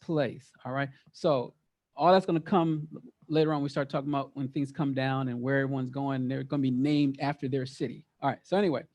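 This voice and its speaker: A man leading an interactive Bible study, reading verses aloud and quizzing his group in a lively way, often repeating words for emphasis. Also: medium pitch, fairly quick. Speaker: teacher.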